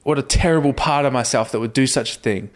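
A man talks through his thoughts in a casual, reflective chat. His pitch sits mid-range. He drops swear words casually as he talks. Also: fast.

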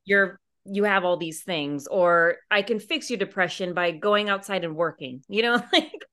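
A woman's voice: medium pitch, normal speed. A woman hosting a podcast, talking casually with many fillers and restarts and responding supportively to her co-host. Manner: warm, supportive listener, rambling with many fillers. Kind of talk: casual chat.

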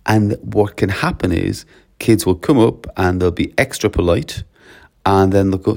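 Male teacher trainer, lowish gravelly voice, animated coaching delivery. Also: measured pace. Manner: animated, coaching, uses lively quoted voices. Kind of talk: talk to teachers.

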